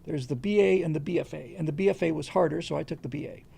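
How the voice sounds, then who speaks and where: Gravelly man hosting a casual livestream. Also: on the high side, quick pace, dark tone, a little hiss or hum. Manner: rambling, with frequent restarts and hesitations. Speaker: livestream host answering viewer questions. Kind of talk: casual unscripted commentary.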